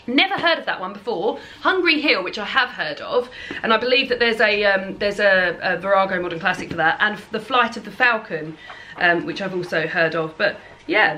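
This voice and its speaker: A woman's voice: medium pitch, sharp tone, slight background noise. A young woman giving a casual, rambling tour of her bookshelf, with lots of ums and restarts. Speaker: book vlogger. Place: home, at a bookshelf.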